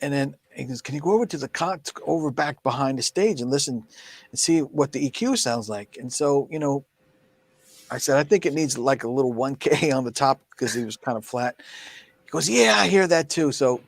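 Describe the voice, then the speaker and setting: A man telling a story at a drum clinic in a casual, animated way, acting out quoted speech. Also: mid-range voice, a little fast, creaky, no echo. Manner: animated, laughs often, acts out quoted speech.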